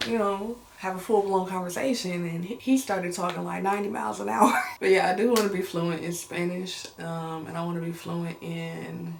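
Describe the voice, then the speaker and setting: A woman's voice: lowish voice, moderate pace, gravelly, hardly any pauses, a little hiss or hum. Young american woman rambling through q&a, laughs a lot, slangy, echoey room. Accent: American English. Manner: animated, laughing, slangy storyteller. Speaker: vlogger. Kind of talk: casual get-to-know-me chat. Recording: roomy echo.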